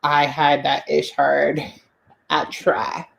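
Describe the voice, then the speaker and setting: A woman's voice: low voice, monotone, takes it slowly, creaky, a bit bright. A young woman with a Southern US accent, co-hosting a casual chat and telling stories with frequent laughs. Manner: chatty storytelling, laughs often. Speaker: co-host.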